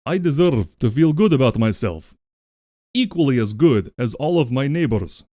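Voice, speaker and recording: A bellowing goat comrade with a thick put-on Russian accent, as a man puts him on, ordering listeners to love themselves and cursing between slogans. His pitch swings widely and the sound is dry and close. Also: sing-song, moderate pace, mellow, no room sound, lightly acted. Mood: mock-stern. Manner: mock-stern, barking slogans, profane. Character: boisterous male goat communist comrade giving pep talk. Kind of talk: comedic affirmation bit on livestream.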